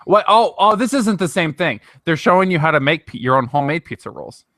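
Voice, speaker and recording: A young man co-hosting a podcast in casual chat, playful and quick to laugh. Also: fairly high pitch, no room sound, studio quality. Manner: laughs often, animated and playful. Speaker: podcast co-host.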